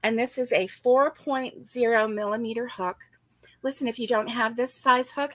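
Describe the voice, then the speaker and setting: A chatty woman hosting a relaxed crochet session. Her voice is bright and a bit high, and it sits dry and close to the mic. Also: moderate pace, no echo. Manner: chatty, giggly, greets viewers by name. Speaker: crochet co-host. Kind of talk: casual crochet-along chat.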